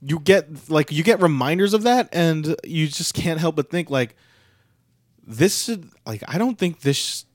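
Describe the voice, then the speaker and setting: A man's voice: fairly high pitch, lively intonation, measured pace, dry recording, studio quality. A young man co-hosting a casual podcast, recapping a show in a rambling, filler-heavy way with sarcastic asides. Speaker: podcast co-host recapping wrestling. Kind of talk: casual chat.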